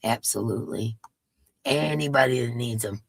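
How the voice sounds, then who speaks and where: Congested woman with a creaky voice. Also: a bass voice, normal speed, no room sound. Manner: chatty, greets viewers one by one. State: congested, stuffy nose. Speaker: live stream host. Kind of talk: casual chat with viewers.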